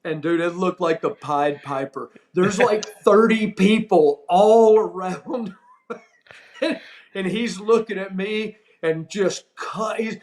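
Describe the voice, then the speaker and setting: A man hosting his podcast, spinning a long, animated anecdote and breaking into laughter as he goes. His voice sits a little higher than most men's. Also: slow. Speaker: podcast host. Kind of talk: storytelling anecdote.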